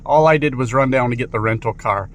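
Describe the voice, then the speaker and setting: A man vlogging from inside a car while driving, talking casually and candidly, rambling with fillers, swearing now and then, and sometimes getting loud. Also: medium pitch, fast. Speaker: truck driver vlogger. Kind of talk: casual vlog monologue. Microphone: camera in car. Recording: loud road and car noise. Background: car and traffic noise.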